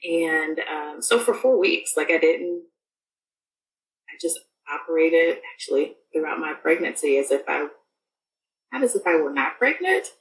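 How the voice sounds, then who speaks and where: A woman's voice: sits low, lively intonation, unhurried, echoey room, recorded from a distance, a little hiss or hum, low-quality recording. A woman guest on a podcast, telling a personal story in casual, rambling speech full of fillers and restarts.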